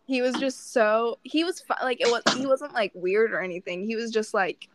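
Her voice on the high side with fairly even intonation, a young woman co-hosting a podcast recounts a dating story at normal speed, cursing a lot and voicing both people. A little hiss or hum is audible.

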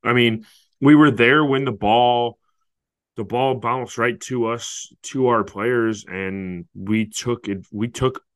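A man co-hosting a casual football podcast, speaking haltingly with frequent restarts. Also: medium pitch, steady tone, no room sound. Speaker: podcast co-host.

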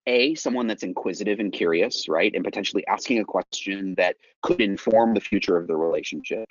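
A man's voice: on the low side, husky, no room sound, dull audio. A man in casual podcast chat, explaining his ideas at length and often checking in with "right?". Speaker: sales podcast co-host.

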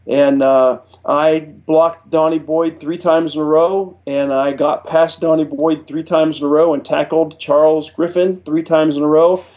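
A man's voice: a little high, fairly even intonation, unhurried, few pauses, highs cut off. A middle-aged man from Ohio, a retired Air Force chief master sergeant, telling stories as an interview guest, earnest with frequent restarts. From Ohio, USA. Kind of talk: storytelling interview answers.

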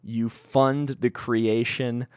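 A man's voice: medium pitch, level tone, drawn-out words, smooth, no echo. A man co-hosting a casual comedy podcast, rambling through jokey ideas and laughing often. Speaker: podcast co-host.

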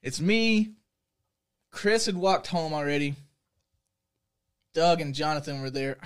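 A young man casually telling a profane story to friends, acting out the shouts of the people in it. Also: a little high, lively intonation, slow, clear, resonant tone. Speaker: podcast co-host.

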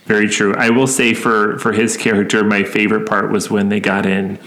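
A man's voice: fairly low pitch, little pitch movement, fairly quick, a bit bright. A man co-hosting a podcast, wry and playful in casual film chat. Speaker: podcast co-host.

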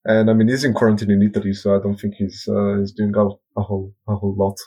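A young man guest on a podcast, hesitant with many restarts, animated when telling a story. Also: fairly low pitch, fast, breathy edge, highs cut off. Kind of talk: casual storytelling.

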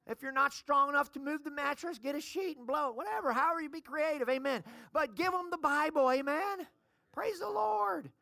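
A middle-aged woman pastor preaching a sermon, calling on the congregation to shout amen. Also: high voice, brisk, gravelly, dry recording. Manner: preaching, calls for amens from the congregation.

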